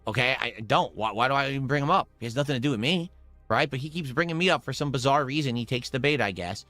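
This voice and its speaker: A man in casual chat, rambling through an animated story as a podcast co-host. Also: medium pitch, quick pace, dry recording, faint music behind.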